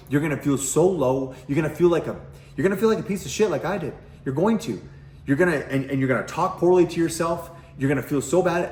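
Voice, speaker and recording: Speaking bluntly into the camera in his home near the kitchen, a middle-aged parenting coach swears heavily and asks rhetorical questions in a casual manner. His voice is mid-range and a little mellow, captured in an echoey room.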